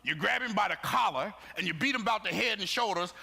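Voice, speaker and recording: A man voicing a stern, tough working-man father who barks gruff commands at his son. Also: high voice, animated, quick pace, bright, forceful tone, big-room sound, pitched above the performer's own voice, heavily acted. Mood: commanding.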